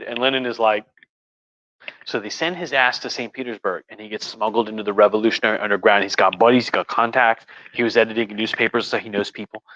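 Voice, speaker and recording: This man's lowish voice is fast, fairly even in intonation, and pushed and bright, captured in a dry recording with dull, muffled audio. Hosting a casual history livestream from a room at home while tipsy on wine, he's crude and profane and keeps rambling and restarting.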